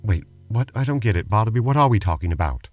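A man's voice: lowish voice, expressive, fast talker, a little mellow, faint music behind. A man co-hosting a comedy podcast, answering in a dry, exasperated manner. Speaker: podcast co-host.

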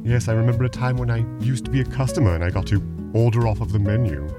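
A man's voice: medium pitch, fairly even intonation, fast, loud music behind the voice. A man co-hosting a comedy podcast, answering in a dry, exasperated manner. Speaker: podcast co-host.

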